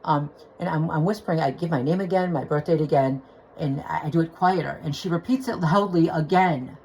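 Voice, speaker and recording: A woman's voice: deep voice, brisk, darkish tone, slight background noise, rough recording. A woman telling a personal story into her phone, agitated and rambling, with restarts and swearing. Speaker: vlogger.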